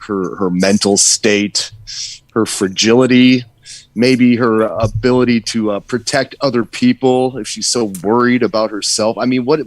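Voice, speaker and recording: A man's voice: on the low side, dry recording, low-quality recording. A man co-hosting a livestream, musing aloud in mocking, casual commentary. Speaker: livestream co-host.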